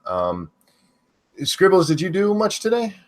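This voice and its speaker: A man's voice: high-pitched, wildly swooping pitch, a little slow. A man hosting a casual livestream chat, loose and wry, with a voice worn from hours of talking. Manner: loose and wry, reads viewer messages aloud. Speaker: show host.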